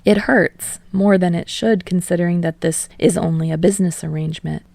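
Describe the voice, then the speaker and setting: Gravelly low woman reading fan fiction. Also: steady tone, brisk, a little mellow, no echo. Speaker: podfic reader.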